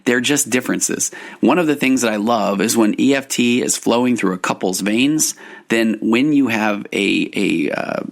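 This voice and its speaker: With a lowish voice and vocal fry, a man who hosts a podcast and works as a marriage and couples therapist teaches solo. He explains ideas earnestly and frequently restarts his phrases.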